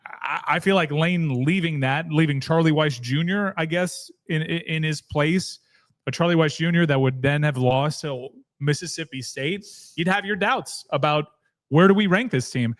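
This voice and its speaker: A man talking college football on a live podcast, his voice sitting on the higher side. He argues hard and pushes his case with conviction, circling back to press each point. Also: moderate pace. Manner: passionate, argumentative. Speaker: podcast co-host. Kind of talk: animated sports talk.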